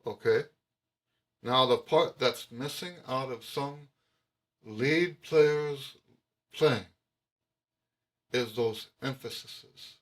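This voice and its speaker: A man's voice: medium pitch, very slow, pauses often. A man teaching jazz trumpet to camera, emphatic, repeating his key points with frequent restarts. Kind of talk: explaining music to camera.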